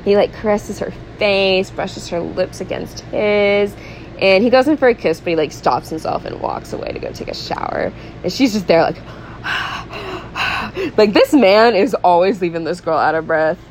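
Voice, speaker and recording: A woman's voice: mid-range voice, expressive, normal speed, a little mellow, a little hiss or hum, low-quality recording. A young woman co-hosting a podcast, casually recapping a film in a chatty style, full of fillers, frequent laughs and swearing. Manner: chatty, peppered with "like", laughs often; swears freely. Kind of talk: casual chat.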